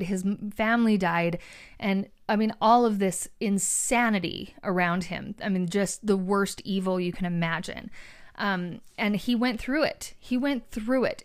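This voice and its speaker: A woman's voice: mid-range voice, smooth. Woman, casual motivational speaker, earnest and upbeat, talks chattily to her viewers.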